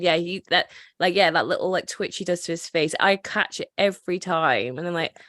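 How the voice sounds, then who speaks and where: A woman hosting a casual film discussion, chatty and quick to act out scenes from the story. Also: lowish voice, a bit bright, no echo, clean studio sound. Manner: chatty, recounts scenes with quoted voices. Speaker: podcast host.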